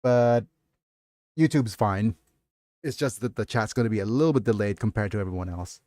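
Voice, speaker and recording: A man's voice: fairly low pitch, moderate pace, mellow, dry recording. A man hosting a casual livestream who chats with his viewers in a rambling way, answering their messages between stretches of reading aloud from a story. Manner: rambling, answers chat as he goes. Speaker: livestream host.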